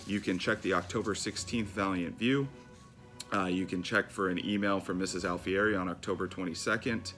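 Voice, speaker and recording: A man's voice: on the low side, fairly bright tone. A man reading school sports announcements in a plain way with frequent fillers.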